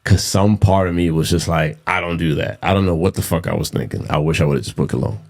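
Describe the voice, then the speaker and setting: A man in his thirties hosts a casual solo podcast, blunt and profane, repeating himself for emphasis. He talks fast in a low-pitched voice with a darkish tone.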